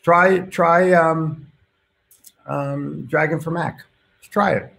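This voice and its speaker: A man's voice: on the high side, steady tone, slow pace, vocal fry, a bit bright. A man hosting a casual live stream, reading viewer comments aloud and reacting to them in a blunt, chatty way with casual swearing.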